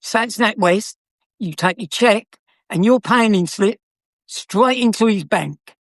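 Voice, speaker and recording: This ex-car dealer, an older man from South London, shares stories in a cheeky, conversational way, often breaking into laughter. His voice sits high and he takes his time. The audio is studio quality with no room sound.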